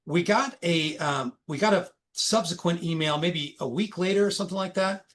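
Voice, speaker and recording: Middle-aged male guest, recruiter type, a touch high-pitched, animated storyteller. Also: normal speed. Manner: animated, anecdotal retelling. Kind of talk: conversational storytelling.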